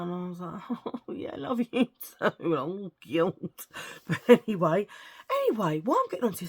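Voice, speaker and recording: A woman tells rambling, gossipy stories straight to camera. Her voice sits a little low, and she keeps drifting off topic, laughing and acting out what people said. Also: breathy edge. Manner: rambling, animated, laughs a lot, acts out quotes. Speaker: vlogger. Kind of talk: casual chatty storytelling.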